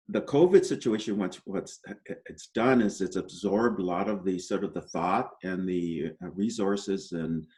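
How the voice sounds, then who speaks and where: Low-voiced man, measured interview guest. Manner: measured, peppered with "you know" and "right?"; optimistic explainer. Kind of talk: conversational interview answers.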